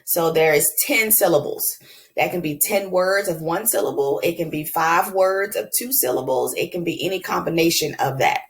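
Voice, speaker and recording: A woman teaching a class, talking casually with frequent ums. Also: sits low. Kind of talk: classroom lecture.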